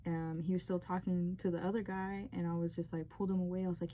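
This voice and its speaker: A woman's voice: on the low side, level tone, fast, few pauses, warm tone, slight background noise. A young woman telling a personal dream story in a rambling, emotional way, with many fillers. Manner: rambling, heavy use of "like". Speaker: vlogger sharing a testimony.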